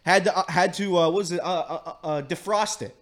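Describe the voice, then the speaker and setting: A man's voice: high voice, fairly quick. A man from the Cincinnati area doing a rambling, self-mocking comedic weather segment.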